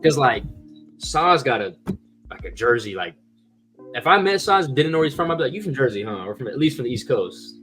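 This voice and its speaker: A man's voice: medium pitch, sing-song, brisk, over music. A man co-hosting a casual podcast, rambling and full of filler words. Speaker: podcast co-host.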